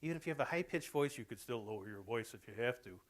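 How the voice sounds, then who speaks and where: A man's voice: medium pitch, expressive, fast talker. Middle-aged male presenter, conversational and anecdotal, speaking to a campus audience. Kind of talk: informal lecture to students. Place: college theatre, in front of an audience.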